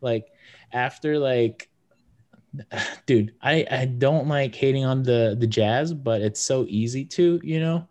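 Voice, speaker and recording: A man's voice: mid-range voice, takes it slowly, darkish tone. A young man co-hosting a casual sports podcast, talking loosely with many fillers. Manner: rambling, lots of fillers. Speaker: podcast co-host.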